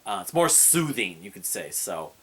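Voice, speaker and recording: A man's voice: on the low side, big pitch swings, normal speed, sharp tone, breathy edge. A man casually reviewing an album, rambling and hesitant with many fillers and restarts. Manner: hums and scats melodies.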